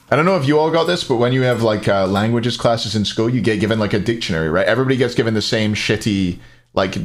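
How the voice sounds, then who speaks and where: A man's voice: fairly low pitch, fairly bright tone. A Scottish man casting a live esports match, joking and chatting with viewers between plays. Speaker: esports caster.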